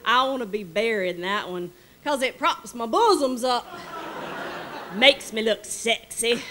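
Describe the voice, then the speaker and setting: A woman's voice: fairly high pitch, expressive, unhurried, a bit bright, slight background noise, voice pushed up, rough recording. A woman doing a gushing old Southern belle. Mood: flirtatious. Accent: Mississippi Delta Southern. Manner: gushing, drawling, fond of "darling".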